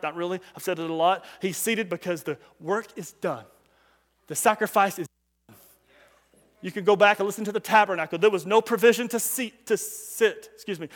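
A man preaching as a pastor on a Sunday morning, telling a story with animation and swinging from loud calls to hushed asides. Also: high-pitched. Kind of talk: sermon. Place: church sanctuary. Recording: long hall reverb.

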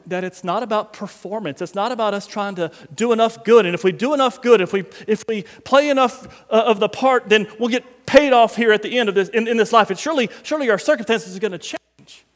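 A man preaching a sermon to a church congregation, swinging between quiet, low passages and loud emphatic ones while addressing the listeners directly. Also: long reverb tail. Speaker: pastor. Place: church sanctuary.

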